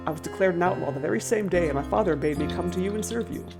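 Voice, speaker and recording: A woman's voice: fairly low pitch, racing, gravelly. A woman reading the lines of an earnest young male outlaw recruit in her own plain voice, with no accent. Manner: plain read-aloud of game text, no accent. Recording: game music playing underneath.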